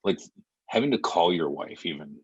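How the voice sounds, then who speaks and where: Deep-voiced man telling a story. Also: lively intonation, moderate pace, slightly rough, muffled recording. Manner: vivid retelling with many fillers. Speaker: podcast guest. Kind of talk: emotional storytelling in conversation.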